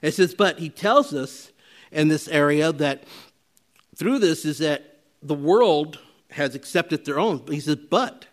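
High-pitched guy preaching, chatty and loose, lots of uh and restarts, does little voices for quotes. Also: animated, takes it slowly. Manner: conversational preaching with many fillers and restarts, acting out quoted voices. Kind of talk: sermon.

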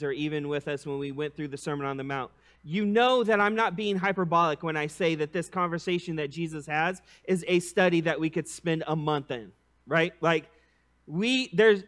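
High-voiced animated male preacher. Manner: animated, drops to a hushed tone for scripture; casual preacher asides. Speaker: pastor. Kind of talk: sermon.

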